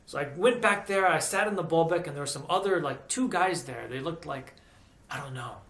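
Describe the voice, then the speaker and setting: An American man telling a personal story in a casual, animated way, acting out the voices of the people he quotes. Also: fairly high pitch, a little fast. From United States. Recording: echoey room.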